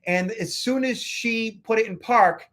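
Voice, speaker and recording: A man's voice: very high voice, unhurried, fairly bright tone. A man hosting a podcast, telling a travel story in a chatty way and repeating words as he restarts. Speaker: podcast host. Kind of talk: casual storytelling chat. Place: lives in Boston.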